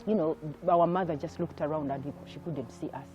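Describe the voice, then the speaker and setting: Woman guest telling her story, soft and thoughtful, lots of ums, kinda muffled lo-fi sound. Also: deep voice, brisk. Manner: soft-spoken, reflective, many fillers. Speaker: interview guest. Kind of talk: personal life story in an interview. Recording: dull lo-fi recording with faint music.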